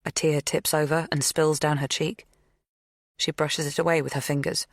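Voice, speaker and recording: A woman reading a thriller audiobook in measured, scripted first-person narration. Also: deep voice, little pitch movement, no room sound, clean studio sound.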